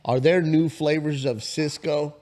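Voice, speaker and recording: A man in his forties, co-hosting a casual podcast, telling a story and acting out the quotes with big jumps in pitch. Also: fairly even intonation, measured pace, darkish tone. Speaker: podcast co-host.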